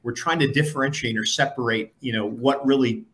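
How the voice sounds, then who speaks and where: Male host, mid pitch, earnest coaching tone in casual talk. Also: fairly quick, a bit bright. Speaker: discussion host. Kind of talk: casual conversation.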